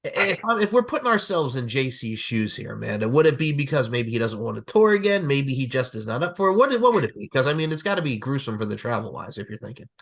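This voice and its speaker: A man in his forties hosting a casual podcast chat, excitable, laughing often and swearing freely. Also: medium pitch, fast talker, few pauses. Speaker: podcast host.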